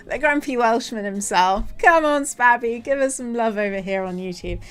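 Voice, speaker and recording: A woman live-streaming from home, chatting casually to viewers, giggly and excitable. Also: mid-range voice, unhurried, clean tone.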